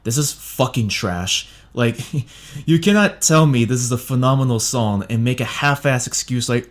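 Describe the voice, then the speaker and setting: A man's voice: mid-range voice, expressive, normal speed, fairly bright tone. A man ranting through a blunt, sarcastic review of songs, swearing heavily. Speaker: music reviewer. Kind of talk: profane ranting review monologue.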